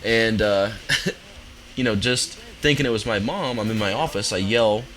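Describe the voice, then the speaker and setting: A young man with a fairly low voice tells a rambling, amused story while commentating his gameplay. He talks in a relaxed, laid-back way into a desk mic in his home office. A faint hiss sits under his voice. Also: a little slow, low-quality recording. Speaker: gaming commentator. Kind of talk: casual storytelling over gameplay.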